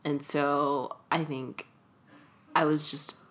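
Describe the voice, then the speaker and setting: A woman's voice: deep voice, flat delivery, slow, a bit bright. A young adult woman from California, chatting casually as an interview guest and laughing often. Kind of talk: casual conversation.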